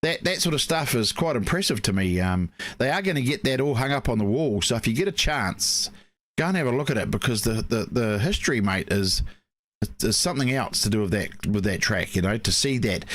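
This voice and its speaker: A man's voice: lowish voice, lively intonation, a little fast, dry recording. A man with a New Zealand accent, co-hosting a casual live stream and telling rambling stories full of fillers. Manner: rambling, chatty storytelling with many fillers. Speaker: co-host.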